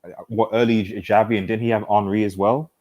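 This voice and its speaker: A low-pitched man co-hosting a casual football chat. He mostly chimes in with short, agreeable replies and now and then pushes back on a point. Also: level tone, brisk, a little mellow. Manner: agreeable, short backchannel replies, occasional pushback.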